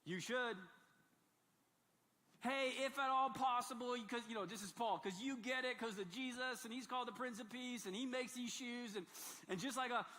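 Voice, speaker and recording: Man, pastor, sermon, high bright voice, animated and emphatic, long church-hall reverb. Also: moderate pace. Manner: animated, swings from soft asides to loud emphatic bursts.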